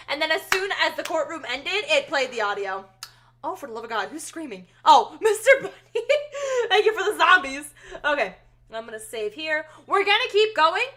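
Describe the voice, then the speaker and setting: A woman's voice: high voice, pushed and bright. A young woman streaming a game live, bubbly and chatty as she thanks viewers and reads the dialogue aloud.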